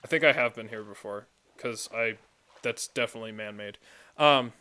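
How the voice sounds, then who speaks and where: An American man streams a game and chats the whole time in an excitable, loose way. His voice is bright and forceful. He swears freely as he tells his stories. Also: on the low side, normal speed, clear, resonant tone. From United States. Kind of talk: casual commentary while gaming.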